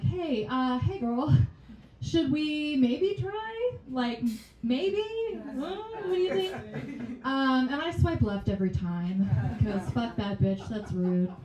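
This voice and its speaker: A woman doing a stand-up set in a small club, delivering wry deadpan jokes. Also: a little high, slight background noise. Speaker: stand-up comic. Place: small comedy venue. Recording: echoey small venue.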